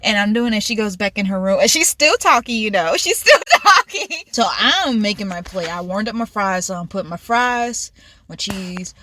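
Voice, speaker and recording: A woman vlogger telling a casual storytime in an excitable, animated way, recorded inside a car. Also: mid-range voice, moderate pace, dry recording.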